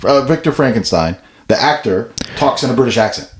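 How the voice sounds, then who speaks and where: A man co-hosting a podcast, chatting casually about a movie with a halting, animated delivery and frequent restarts. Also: medium pitch. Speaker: podcast co-host. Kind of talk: casual movie review chat.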